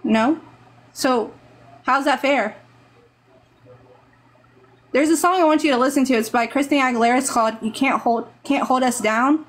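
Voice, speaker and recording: A woman's voice: high-pitched, moderate pace, pauses often. A woman from Texas with a Texan accent, giving rambling, earnest, motherly advice on a live stream over a phone mic.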